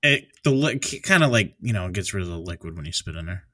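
A man's voice: low voice, animated, fast, pushed and bright, dry recording, clean studio sound. A man in casual chat who swears freely and laughs often.

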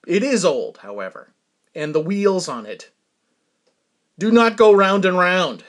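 A man's voice: high voice, very animated, a little slow. Chuckling New England man telling a story. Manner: rambling, self-amused, chuckles often, drops to a mutter for asides. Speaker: podcast host. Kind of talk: casual storytelling monologue.

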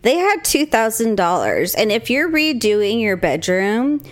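A relaxed woman in casual conversation, mostly agreeing with her co-host. She speaks at an unhurried pace. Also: fairly high pitch. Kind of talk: casual chat.

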